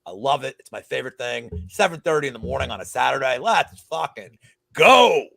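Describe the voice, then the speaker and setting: A man guesting on a sports betting show, chatting casually, excitable and swearing freely. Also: medium pitch, quick pace, creaky, dry recording. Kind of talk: casual chat.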